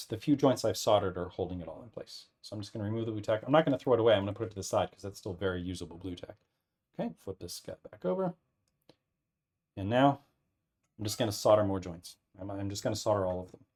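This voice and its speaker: A man teaching a hands-on demonstration in a relaxed way, thinking aloud as he works and often checking in with "right?". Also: mid-range voice. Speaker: instructor. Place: workbench with an air filter running.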